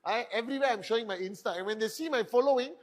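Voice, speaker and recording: A man's voice: extremely high pitch, rapid-fire. A middle-aged man giving a motivational stage talk, firing rhetorical questions and boasting. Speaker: motivational speaker at a network marketing event.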